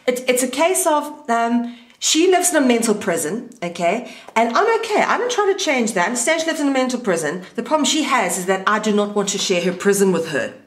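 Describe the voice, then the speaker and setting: A woman's voice: a little high, big pitch swings, brisk, roomy sound. A woman interviewing an old school friend in a casual, candid chat, swearing freely and mimicking voices.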